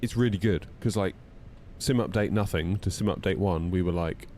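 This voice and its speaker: A man's voice: moderate pace, slight background noise. Chatty man streaming a sim. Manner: chatty, jumps to high excited pitch when indignant. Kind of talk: casual live-stream chat.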